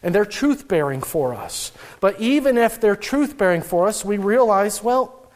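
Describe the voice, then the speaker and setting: A man's voice: high voice, animated, a little slow, darkish tone. A man preaching a sermon as pastor, talking conversationally and acting out the inner voices of worried listeners, with frequent restarts.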